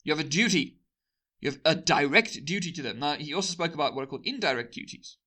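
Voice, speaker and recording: Man, casual lecturer, bright and slightly high, rambling with dry sarcasm. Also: lively intonation, quick pace. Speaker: educational video host. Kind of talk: informal academic lecture.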